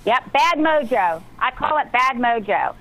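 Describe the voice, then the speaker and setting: A woman's voice: fairly high pitch, expressive, a little slow, a bit bright, poor audio. Woman author, radio guest, earnest motivational delivery. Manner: earnest, motivational, talks about breathing and intuition. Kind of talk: casual radio interview.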